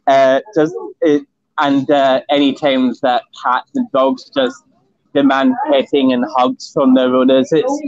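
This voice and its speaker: A man's voice: medium pitch, lively intonation, measured pace, no room sound. Scottish man, guest on a chat stream, lots of ums and restarts, dry muffled phone audio. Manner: hesitant, many fillers and restarts. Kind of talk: casual online chat.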